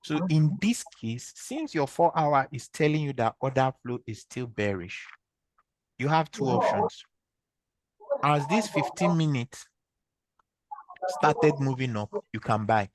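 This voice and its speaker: A man's voice: medium pitch, expressive, unhurried, pauses often, dry recording. A man with a Nigerian accent teaching a trading lesson online, patiently walking through steps and quizzing his students with repeated questions. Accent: Nigerian English. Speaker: trading instructor. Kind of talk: online screen-share training session.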